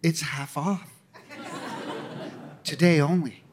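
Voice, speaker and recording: A man's voice: on the high side, steady tone, slow, pitched below the performer's own voice. A man mimicking his gushing shopping-mad wife. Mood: breezy. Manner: breathless, gushing, fixated on the discount. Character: excitable wife on a shopping spree. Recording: live stage with crowd and noise.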